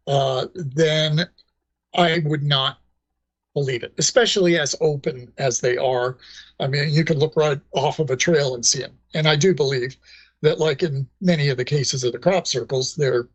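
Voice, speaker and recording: A man being interviewed, explaining things in a measured way with frequent fillers. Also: mid-range voice, no echo, lo-fi sound. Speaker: guest, former ranger and paranormal researcher. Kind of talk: casual interview talk.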